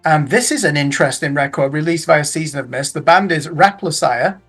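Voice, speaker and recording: A man's voice: a little high, fairly quick, a bit bright, husky, faint music behind. A middle-aged man giving a casual roundup of new albums in a chatty way, with tag questions and self-corrections. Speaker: music reviewer.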